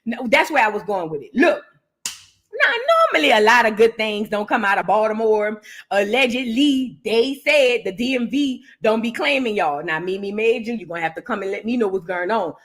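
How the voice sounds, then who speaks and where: A woman's voice: mid-range voice, expressive, moderate pace. A woman hosting a casual gossip show, chatty and teasing as she rambles on. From Southern United States. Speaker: host.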